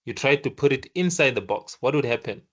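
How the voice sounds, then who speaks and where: A man teaching a programming lesson while sharing his screen, speaking casually with frequent restarts and lively acted-out asides. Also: mid-range voice, highs cut off. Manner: casual and animated, acts out the computer scolding in quick asides; halting restarts while thinking aloud. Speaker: programming tutor. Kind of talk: screen-share coding lesson.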